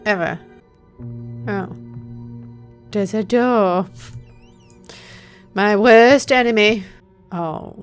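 A woman giving foul-mouthed, joking commentary while playing a horror game. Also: on the high side. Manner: profane, jumpy and joking. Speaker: let's play gamer.

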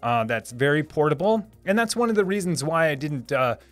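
Reading viewer comments aloud on his casual live stream, a man in his thirties speaks fairly quickly in a sing-song, slightly high voice, with faint music in the background. He chats freely, laughs often and restarts sentences by repeating words.

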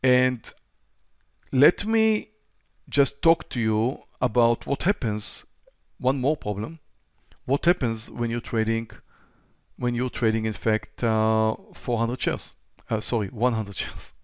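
In clean, echo-free studio sound, a man with a smooth, medium-pitched voice teaches a live trading webinar at a slow pace. Speaking straight to his students, he repeats phrases and acts out a trader's racing thoughts.

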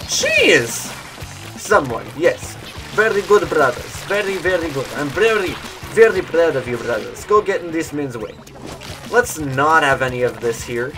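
A young man giving goofy gameplay commentary, slipping into silly meme voices and shouts. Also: on the high side, lively intonation, moderate pace, over music. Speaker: gaming YouTuber.

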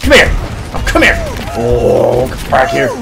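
A man playing a video game and joking through his match, with loud, profane trash talk and mock-whiny theatrical bits. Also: medium pitch, big pitch swings, measured pace, creaky. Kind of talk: comic gameplay commentary. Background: background music.

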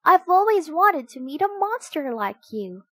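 A woman voicing a fearless, curious small boy in a storybook, eager with drawn-out questions. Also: very high voice, very animated, a bit bright, no echo, studio quality, voice pushed up, exaggerated voice.

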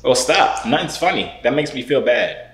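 A man's voice: mid-range voice, expressive, moderate pace, fairly bright tone, echoey room. A young man vlogging, teasing strangers on a video call with a playful, mock-serious manner. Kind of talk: prank video-call chat.

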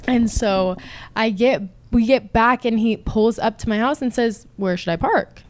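A young woman co-hosting a podcast, telling a story casually, animated and swearing freely. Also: a little high, measured pace. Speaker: podcast co-host.

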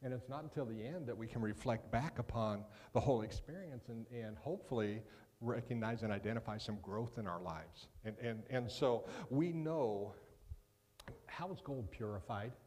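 A man's voice: medium pitch, normal speed, darkish tone. Man, guest preacher, sermon, chatty with jokes, repeats words when starting sentences, long church reverb. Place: church sanctuary.

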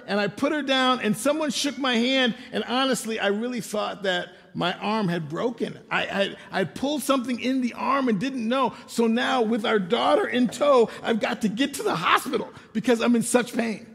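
An older man delivers a sermon in a high, gravelly voice, spinning personal stories with a dry, self-deprecating wit. His words ring out with a long reverb in a church sanctuary. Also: a bit bright. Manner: conversational storytelling with self-deprecating humor. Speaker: pastor.

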